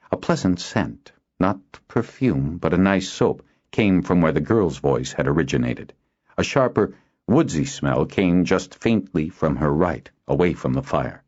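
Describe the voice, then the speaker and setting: A man narrating a fantasy audiobook in a measured, expressive storytelling manner. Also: deep voice. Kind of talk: scripted narration. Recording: dull lo-fi audio.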